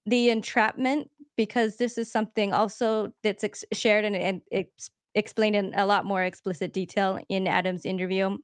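Woman podcast host, medium pitch, thoughtful commentary, dry close mic. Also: smooth, no room sound.

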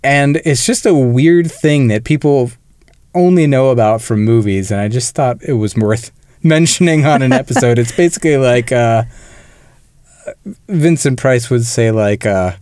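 Male podcast co-host, relaxed explainer, dry close sound. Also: medium pitch, measured pace, clear, resonant tone, no room sound. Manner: conversational, explanatory, occasional laughs. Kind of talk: casual film review chat.

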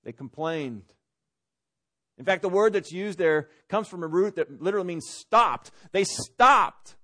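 A man preaching a sermon from a church stage, conversational, swinging between loud emphasis and quiet asides. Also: high voice, lively intonation, normal speed. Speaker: pastor.

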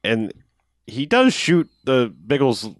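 A man's voice: medium pitch, very animated, slow, dry recording, clean studio sound. A man co-hosting a podcast, chatting casually and rambling as he recaps a movie, often mimicking the characters. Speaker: podcast co-host.

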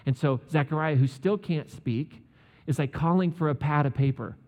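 A man's voice: a little high, normal speed, darkish tone. A man preaching a casual, joking sermon as pastor, acting out the quotes he tells. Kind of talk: conversational sermon. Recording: long hall reverb.

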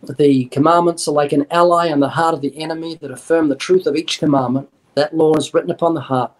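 A man's voice: on the high side, fairly even intonation, fast. A man being interviewed as an evangelist, explaining in an earnest, emphatic preaching style and acting out little dialogues. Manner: earnest, emphatic, quotes scripture and acts out dialogue. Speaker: evangelist guest.

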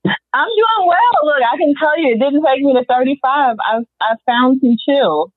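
A woman's voice: high-pitched, moderate pace, no echo. Laughing thirty-something woman over a phone line. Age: 30s. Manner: lively, laughs often, loose and relaxed. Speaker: guest. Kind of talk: casual interview chat. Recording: dry, tinny phone-like line.

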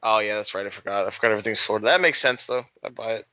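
A young adult man co-hosting a podcast, riffing in profane, excitable casual banter. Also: lowish voice, rapid-fire, no echo. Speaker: podcast co-host.

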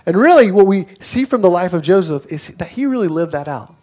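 A man's voice: sits high, expressive, fairly quick, a little mellow. A young adult man preaching a sermon in a conversational way, telling stories with acted quotes. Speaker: pastor.

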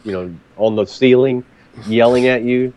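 A man's voice: medium pitch, steady tone, moderate pace, crowd noise, low-quality recording. A man chatting casually about games, often repeating words as he starts sentences. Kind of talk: casual chat.

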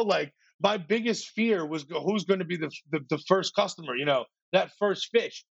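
Man, podcast guest, gravelly voice, animated storytelling, acts out others' lines, repeats words when excited, dry muffled sound. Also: fairly high pitch, quick pace, few pauses, dry recording. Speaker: podcast guest, startup founder.

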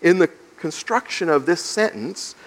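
A man's voice: fairly high pitch, animated, unhurried. A male pastor giving an expository sermon, explaining scripture verse by verse and acting out the questions of its characters. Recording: long reverb of a large hall.

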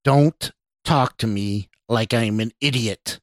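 A man's voice: mid-range voice, lively intonation, measured pace, no room sound, lightly acted. A man doing a callous, growling older official. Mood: stern. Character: stern older male government official, harsh. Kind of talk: audio drama reading.

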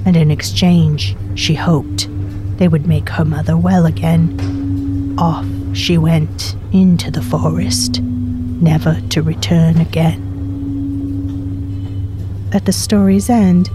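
A woman narrating a scripted story in a slow, measured way. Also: low voice, fairly even intonation, over music.

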